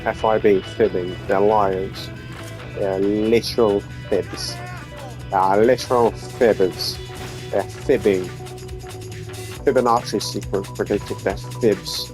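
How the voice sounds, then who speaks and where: A man's voice: fairly low pitch, fairly even intonation, takes it slowly. A man giving goofy, rambling commentary while playing a game, swearing freely. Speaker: gaming video host. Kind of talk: casual gameplay commentary. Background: game music and sounds.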